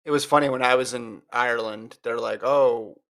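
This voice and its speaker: Gravelly-voiced American man. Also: mid-range voice, fairly even intonation, normal speed, a bit bright. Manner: laughing, storytelling. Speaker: podcast co-host. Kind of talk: casual chat, race analysis.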